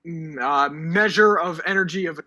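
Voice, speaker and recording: A man's voice: fairly high pitch, normal speed, bright, forceful tone, rough recording. A teenage boy co-hosting a live stream, quizzing and joking in loose, rambling banter. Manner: joking, rambling word associations. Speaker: podcast co-host.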